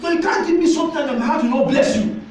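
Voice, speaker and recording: A Nigerian-accented male pastor delivers an exhorting sermon in a very high voice, driving his points home by repeating phrases. The sound is very echoey, as if picked up in a big church hall from some distance away, with faint room ambience underneath. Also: fast, darkish tone, a little hiss or hum.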